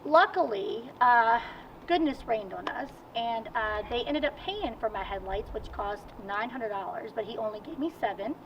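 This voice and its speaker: A woman with a Virginian accent, a guest in a casual outdoor interview, telling stories in an animated, chatty way. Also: fairly high pitch, moderate pace. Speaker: guest, amateur racer. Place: outdoors at a car show. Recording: distant mic, dull sound, faint noise.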